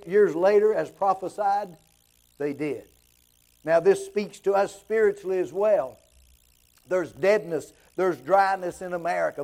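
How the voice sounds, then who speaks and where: Pastor, male, high and mellow, impassioned sermon delivery with rhetorical questions.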